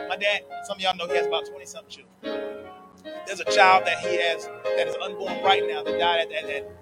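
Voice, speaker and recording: A man preaching a sermon to his church, swinging from soft, slow lines to shouted, sing-song peaks. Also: high voice. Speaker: pastor.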